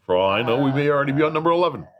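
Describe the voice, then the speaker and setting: A man's voice: mid-range voice, expressive, rapid-fire, lo-fi sound. A man hosting a casual question-and-answer chat, rambling through long explanations with chuckles. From California. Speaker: host.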